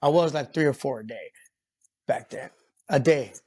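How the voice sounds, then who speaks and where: A construction foreman guesting on a podcast, talking in a loose, rambling way. He peppers his talk with swearing and fillers and keeps it casual, his voice sitting at an ordinary middle pitch for a man. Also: moderate pace, a little mellow, husky. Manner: rambling, profane, filler-heavy. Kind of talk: casual storytelling interview.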